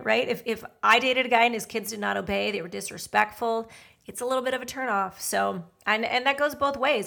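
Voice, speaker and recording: A woman's voice: a little high, creaky, sharp tone. A middle-aged woman, a matchmaker hosting a podcast, giving blunt, feisty dating advice in a chatty monologue.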